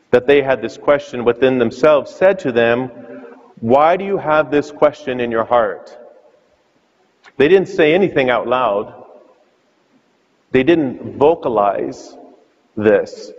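A man preaching a sermon as a priest, telling the story with questions to the listeners. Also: mid-range voice. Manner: storytelling, asks questions aloud. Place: church. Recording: muffled reverberant church sound.

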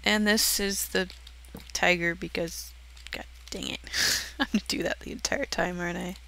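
A woman's voice: lowish voice, fairly even intonation, normal speed, creaky, bright, forceful tone. A young woman giving a casual, giggly, self-deprecating walkthrough of something she built in a game. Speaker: channel host touring her build.

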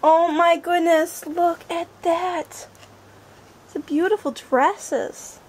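Gushing high-voiced woman opening gifts. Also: steady tone, takes it slowly, a little hiss or hum. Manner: gushing, effusive, repeated exclamations. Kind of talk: casual unboxing chat.

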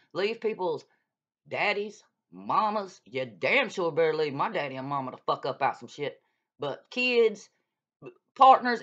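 This woman's voice sits at a medium pitch with a slightly bright tone. On her YouTube channel she rants hotly at another creator, cursing and scolding with no softening. The audio is dull and lo-fi.

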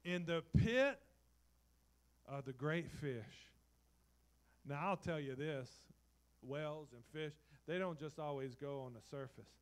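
A pastor preaching a sermon in a church, swinging from loud dramatic bursts to soft, personal talk. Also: male voice, medium pitch, a little slow. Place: church sanctuary.

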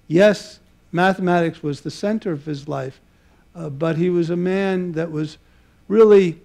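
Speaking unhurriedly to an audience in a museum lecture hall, this older mathematician has a gravelly voice that sits on the high side. His public lecture mixes in personal anecdotes, delivered haltingly with many filler pauses and a warm, reminiscing manner.

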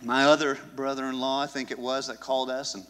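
A man's voice: medium pitch, level tone, quick pace, a bit bright. A man pastor preaching a sermon in a church, telling a story and driving home his points with emphasis. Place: church sanctuary. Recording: echoey church hall.

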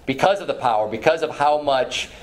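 A pastor preaching a sermon in church, reading scripture aloud with some restarts and fillers. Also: male voice, a little high, expressive, fairly quick, slight background noise. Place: church sanctuary.

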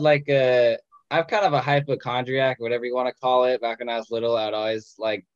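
A man's voice: medium pitch, clean tone, no room sound, lo-fi sound. A man in his twenties telling his own story in a casual, self-mocking way on a video call. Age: 20s. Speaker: patient sharing his story.

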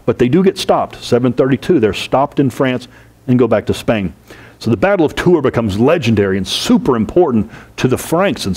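A man at mid pitch giving a history lecture in a plain, steady voice. He explains by repeating key terms and slowing down to stress them, with the occasional rhetorical aside to his students. His delivery is unscripted classroom talk with small fillers and restarts.

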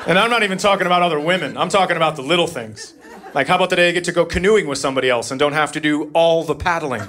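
A man in his thirties doing a stand-up comedy set on a club stage, deadpan and exasperated, jumping into shrill voices for his family. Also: very fast. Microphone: handheld stage mic. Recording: live club recording with loud audience. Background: crowd laughter and room noise.

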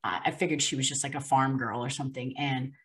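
A young woman with a notably low-pitched voice recounts a personal story as an interview guest. She talks in an earnest, unpolished way, full of ums, likes and restarts. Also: fairly even intonation, quick pace, a bit bright. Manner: earnest, with many fillers and restarts.

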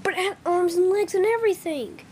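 A woman performing a homemade fan skit, voicing every role herself and jumping between high and low voices as the characters squabble. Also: brisk, darkish tone, slight background noise.

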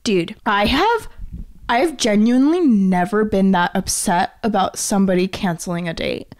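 A woman in her twenties, a podcast co-host, telling a story in casual chat, animated and swearing freely as she acts out what people said. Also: mid-range voice, normal speed. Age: 20s.

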